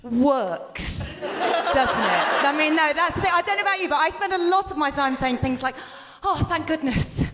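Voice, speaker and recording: A woman's voice: high voice, normal speed, fairly bright tone. A woman co-hosting a live comedy podcast, doing self-mocking, sarcastic stand-up on stage before an audience. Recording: live stage recording with background noise.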